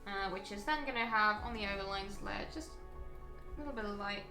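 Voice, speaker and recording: A woman's voice: mid-range voice, fairly quick, bright, forceful tone, reverberant, faint music behind. A woman chatting casually and thinking aloud as she walks viewers through a live painting stream. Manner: chatty, thinking aloud while working, frequent ums.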